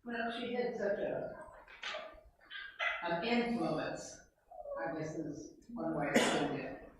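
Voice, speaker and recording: A woman's voice: low voice, lively intonation, takes it slowly. A woman taking part in a Bible study class, speaking tentatively and asking whether she read things right. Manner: tentative, questioning. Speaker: class member. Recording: very echoey room, from far off, noise.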